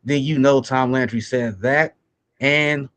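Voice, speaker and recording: A man's voice: mid-range voice, steady tone, slow, a bit bright. A man co-hosting a sports podcast, ranting with profanity and repeating himself for emphasis. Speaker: podcast co-host. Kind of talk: heated sports talk.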